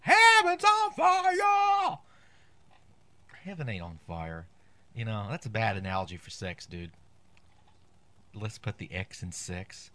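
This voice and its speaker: A man's voice: low voice, moderate pace, pauses often, no echo. A man hosting a comic show, delivering a sarcastic, rambling, irreverent monologue. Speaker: podcast host.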